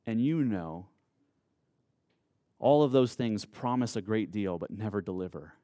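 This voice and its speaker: A man's voice: on the low side, animated, dark tone, no echo. Earnest male preacher, dry sound. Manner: earnest preaching, slow emphatic phrases. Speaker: pastor. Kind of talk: sermon.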